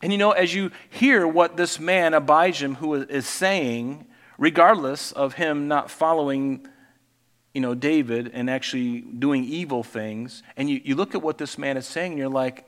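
A man giving a sermon, reading scripture aloud and adding relaxed, conversational comments. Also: a little high, normal speed, long reverb tail. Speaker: pastor.

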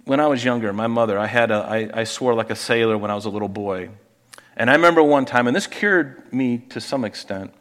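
Speaking a little fast in a fairly bright, medium-pitched voice, a middle-aged pastor gives a chatty sermon. He asks rhetorical questions and keeps restarting his sentences.

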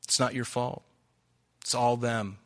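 Man doing the Lord, low and hushed, gentle, consoling, fatherly. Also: little pitch movement, a little slow, lightly acted. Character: God as a gentle reassuring father figure, male.

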